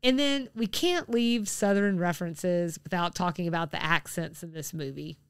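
A woman's voice: fairly low pitch, normal speed, clear, resonant tone, no room sound, studio quality. A woman co-hosting a podcast in casual chat, chatty and a little apologetic, laughing often. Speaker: podcast co-host.

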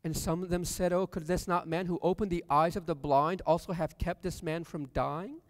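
Male preacher, high and smooth, reads scripture and quizzes the congregation, dry close mic with a long church reverb tail. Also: fairly even intonation, normal speed. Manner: reads scripture aloud, then asks the congregation questions. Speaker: pastor. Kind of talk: sermon. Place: church sanctuary.

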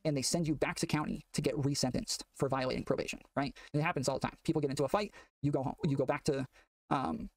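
Fast, rambling man with a gravelly voice. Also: mid-range voice, no echo, distant mic. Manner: rambling, many fillers, excitable. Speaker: guest telling a prison story. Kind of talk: casual storytelling on a stream.

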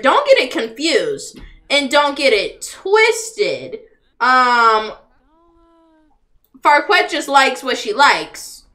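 High-voiced, lively woman streamer. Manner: animated, profane, talks to game characters. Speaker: livestreamer. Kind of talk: casual live game commentary.

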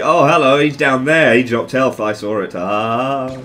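A man giving casual gameplay commentary, excitable and jokey, swearing often. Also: medium pitch, a little slow, a little hiss or hum. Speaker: gamer.

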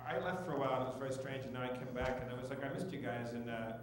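A man co-hosting a live comedy show, offhand and halting, trailing off into fillers. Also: medium pitch, a little hiss or hum. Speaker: comedy podcast co-host. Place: live theater stage. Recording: distant mic in a reverberant hall.

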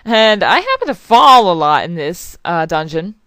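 A young woman chats her way through a game, rambling, swearing and apologizing. Her voice is smooth and clear, and her pitch leaps around a lot. The sound is close and dry. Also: very animated, moderate pace, a bit bright, no echo. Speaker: gaming channel host. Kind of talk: casual let's play commentary.

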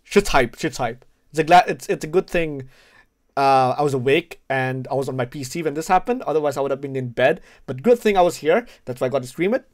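A male streamer reacting to a game trailer at his PC, hyped and swearing, repeating words, his voice going hoarse. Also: quick pace. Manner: hyped, swearing, repeats words, pitch jumps when excited. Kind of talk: excited casual reaction chat. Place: home room at his PC.

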